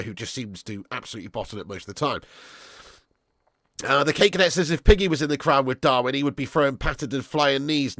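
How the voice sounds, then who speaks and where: A young man hosting a casual live stream, bantering excitedly with chat, swearing and laughing. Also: mid-range voice, no echo, clean studio sound. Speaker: livestream host.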